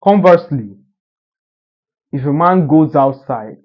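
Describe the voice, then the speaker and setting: A man's voice: medium pitch, expressive, a little slow. A man giving an assertive, emphatic motivational monologue in a lecturing manner. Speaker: social media commentator. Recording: dull lo-fi recording.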